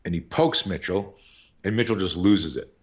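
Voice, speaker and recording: A man's voice: deep voice, moderate pace, slightly rough, dull audio. A middle-aged man, a podcast guest, casually telling a long anecdote, acting out the voices and swearing now and then. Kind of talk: casual storytelling.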